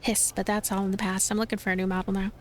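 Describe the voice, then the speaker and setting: A man's voice: high voice, flat delivery, very fast, lightly acted, poor audio. A woman voicing a creepy male iguana artist in prison, who hisses and speaks with unsettling politeness. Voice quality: hissing.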